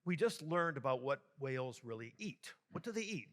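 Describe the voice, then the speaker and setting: A man's voice: medium pitch, sing-song, normal speed, pitched below the performer's own voice, close to an everyday voice. A man voicing a skeptical, anti-religious woman schoolteacher who teases her pupil with dismissive questions, told inside a joke in a homily.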